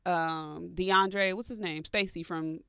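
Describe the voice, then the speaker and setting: A woman's voice: fairly low pitch, fairly even intonation, slow pace, vocal fry, fairly bright tone, smooth, dry recording, studio quality. A woman from Los Angeles co-hosting a podcast, chatting casually and laid-back with lots of fillers. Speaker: co-host.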